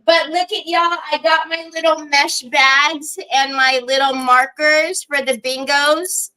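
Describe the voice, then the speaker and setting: A middle-aged woman hosts a craft livestream. Her voice is bright and sits a little high, and she rambles in easy chat and greets viewers by name. She laughs often between thoughts. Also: steady tone, slow, poor audio.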